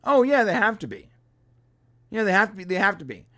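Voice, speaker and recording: A man's voice: sits high, sing-song, a little fast, pushed and bright. A man co-hosting a live review podcast, thinking aloud in an easygoing, casual way. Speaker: podcast co-host.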